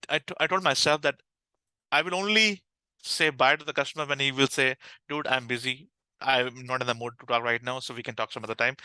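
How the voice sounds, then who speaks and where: A man with a Pakistani English accent talks about his work, full of energy, with plenty of restarts and fillers. His voice is very bright and smooth. The sound is dry and close, with no room echo. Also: mid-range voice. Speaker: customer success manager, podcast guest. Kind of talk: conversational interview answers.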